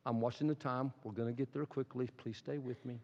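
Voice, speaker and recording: A man's voice: medium pitch, fairly even intonation, brisk, dark tone. A man preaching an impassioned, emphatic sermon as pastor in a church. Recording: echoey hall, dull sound.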